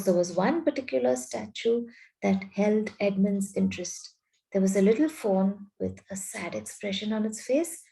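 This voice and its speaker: Woman teacher, story reading with explanation, unhurried and mellow. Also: medium pitch, vocal fry, rough recording. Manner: slow, explanatory. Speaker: English teacher.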